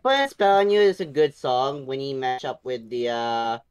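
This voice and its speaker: A young man co-hosting a casual online chat, sounding sheepish and apologetic, often halting. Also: mid-range voice, clear, resonant tone. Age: young adult. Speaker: co-host.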